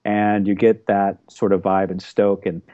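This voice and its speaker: A man's voice: fairly low pitch, level tone, unhurried, no room sound, narrow, tinny audio. A man in his forties, an interview guest telling a long story in a casual, rambling way with many fillers and restarts. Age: 40s.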